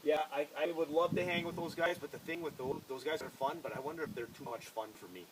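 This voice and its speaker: A man co-hosts a relaxed sports podcast, his voice sitting a touch higher than most men's. He reads listener questions with emphasis and chats about football. A steady hiss of noise sits under the recording. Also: quick pace. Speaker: podcast co-host. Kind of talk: casual sports chat.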